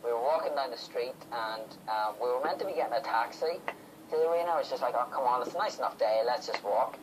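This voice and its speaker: A man from the UK chats casually as a podcast host, rambling through stories and slipping into other people's voices as he quotes them. His pitch sits in a middle register, with a faint hiss of noise under the recording. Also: quick pace. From United Kingdom. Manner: chatty storyteller, acts out quotes. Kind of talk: casual chat.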